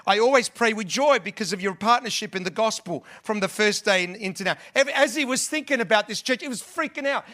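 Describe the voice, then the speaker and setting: A man's voice: high voice, expressive, a little fast, few pauses, bright, forceful tone. A man preaching a sermon to his church in an earnest, conversational way, often restarting his sentences. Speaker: pastor.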